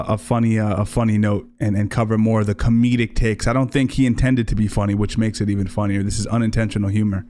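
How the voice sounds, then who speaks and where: A man hosting a livestream, reacting to clips in a rambling, casual way, often correcting himself and swearing. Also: mid-range voice. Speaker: livestream host.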